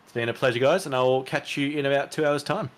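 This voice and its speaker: A man commentating a sim race live, relaxed and joking with his co-hosts. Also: medium pitch, fast.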